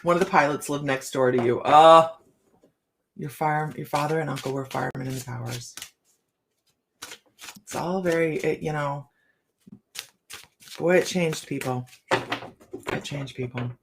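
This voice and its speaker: A woman's voice: deep voice, unhurried, vocal fry, pauses often, slight background noise. A middle-aged woman hosting a casual live chat, reading cards and talking to viewers by name, laughing often. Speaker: livestream host reading tarot cards.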